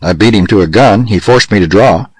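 A man reading the part of a hard young gunfighter who fires off sharp, demanding questions. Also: lowish voice, brisk, breathy edge, dry recording, poor audio.

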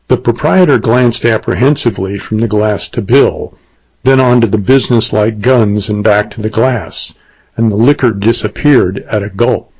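A man narrating a western novel in a measured storytelling manner. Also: on the low side, a little mellow, slightly rough. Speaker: audiobook narrator. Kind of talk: scripted narration. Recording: dull lo-fi dry recording.

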